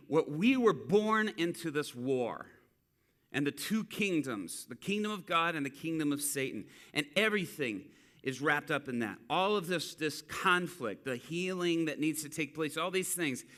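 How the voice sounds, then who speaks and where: Guy preaching in church, bright voice, tells stories and acts out what people said. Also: fairly high pitch. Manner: animated storyteller acting out quotes. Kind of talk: sermon storytelling.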